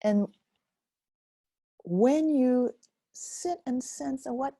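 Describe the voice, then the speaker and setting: An older woman hosting a live webinar, gently and reflectively answering chat questions as a focusing teacher, with a husky voice. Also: sits high, lively intonation, very slow, pauses often, dry recording, studio quality.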